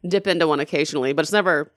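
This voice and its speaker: A woman co-hosting a podcast in casual chat, chatty and quick to laugh. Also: deep voice, fairly bright tone, dry recording, studio quality. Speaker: podcast co-host.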